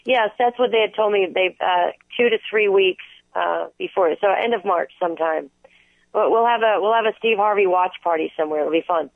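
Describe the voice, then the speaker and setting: A woman's voice: mid-range voice, fairly quick, vocal fry, dry recording. A woman calling in to a radio show who talks about local gigs with enthusiasm. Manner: enthusiastic, upbeat. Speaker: radio guest on phone. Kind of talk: casual radio chat. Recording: tinny phone line.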